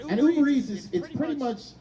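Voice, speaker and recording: A man performing a stand-up comedy set, telling stories in a dry, deadpan way and acting out quotes. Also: very high voice, poor audio. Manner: deadpan storytelling with acted-out quotes. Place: comedy stage with a laughing audience. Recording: live audience laughter.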